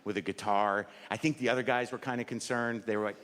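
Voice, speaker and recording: A man in his sixties doing a stand-up routine, neurotic and self-deprecating, jumping into high mocking voices. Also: fairly even intonation, fast talker, a bit bright. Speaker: stand-up comedian. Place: large comedy venue with live audience. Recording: roomy stage recording with crowd laughter.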